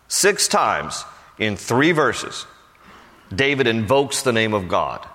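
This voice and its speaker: A man's voice: mid-range voice, sharp tone, big-room sound. A man preaching a Bible study sermon in a conversational way, with frequent fillers and restarts. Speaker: pastor.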